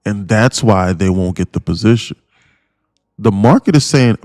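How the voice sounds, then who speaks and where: A man hosting a live day trading stream, rambling and swearing freely as he talks. His voice sits fairly low. The sound is dry and close, with no room echo. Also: moderate pace, darkish tone. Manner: rambling and profane, with many fillers. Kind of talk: casual livestream chat.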